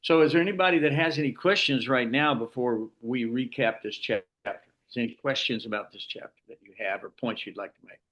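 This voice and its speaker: A man's voice: medium pitch, fairly quick, hardly any pauses, fairly bright tone, muffled recording. A man leading an informal scripture class, explaining at length with frequent restarts. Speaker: class leader.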